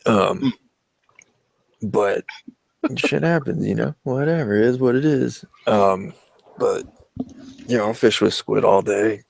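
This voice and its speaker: Low, gravelly, swearing Californian man. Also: slow, pauses often, dry recording. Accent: Southern Californian. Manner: profane, rambling, laid-back. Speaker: vlogger telling a story. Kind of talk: casual storytelling chat.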